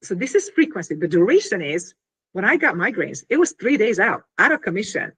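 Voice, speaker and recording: A woman in an interview explaining her invention in an animated, casual way, full of fillers and little acted-out scenes. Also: medium pitch, a little fast.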